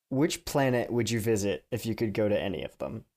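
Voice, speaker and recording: A woman's voice: rumbling low, darkish tone. A woman hosting a casual podcast, asking the group questions and laughing often. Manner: giggly, asks the group questions. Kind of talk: casual chat.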